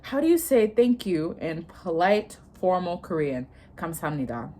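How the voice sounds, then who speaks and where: Young woman, lowish voice, casual vlog, swears a lot, laughs often. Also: very animated, quick pace, darkish tone. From United States. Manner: swears casually, laughs often, reads lesson text aloud. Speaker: vlogger learning Korean.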